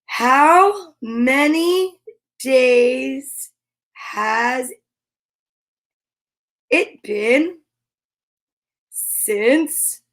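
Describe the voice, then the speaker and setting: A high-pitched woman hosting a casual livestream. She sounds bubbly and eager, chatting with her audience and reading out their greetings. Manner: bubbly and excitable, reads out viewer comments. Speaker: livestream story time host.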